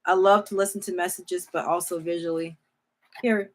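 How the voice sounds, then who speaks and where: A woman teaching scripture informally, reading verses slowly, thinking aloud, correcting herself and speaking with emotional emphasis. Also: lowish voice, fairly even intonation. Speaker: Bible teacher.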